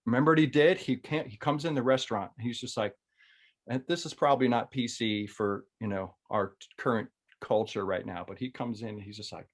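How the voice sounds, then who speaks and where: A man's voice: medium pitch, brisk. A middle-aged man, a band's drummer, telling road stories with playful, self-mocking humor. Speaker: band drummer, podcast guest. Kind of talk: casual storytelling chat.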